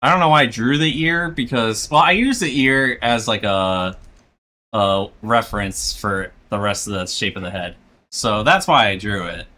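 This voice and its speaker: A man's voice: fairly low pitch, moderate pace, bright, forceful tone. A man from South Florida streaming as a VTuber, chatting casually and rambling while he draws, chuckling often and poking fun at himself. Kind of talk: casual chat while drawing.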